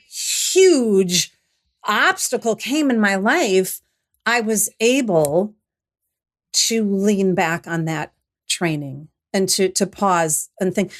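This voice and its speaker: Middle-aged lady guest telling her story, thoughtful, lots of restarts. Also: mid-range voice. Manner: reflective, animated when retelling, frequent restarts. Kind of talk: podcast interview, personal storytelling.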